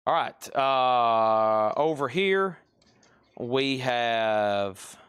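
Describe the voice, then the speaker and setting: A man's voice: mid-range voice, expressive, drawn-out words, fairly bright tone, smooth, no echo, clean studio sound. A man hosting a live record and cassette sale, chatting casually as he names items and prices. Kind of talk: casual live-stream selling.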